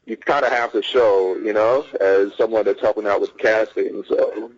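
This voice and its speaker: A man talking as a guest in a casual interview, relaxed and measured, with many fillers. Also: lowish voice, muffled recording. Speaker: guest, entertainment manager.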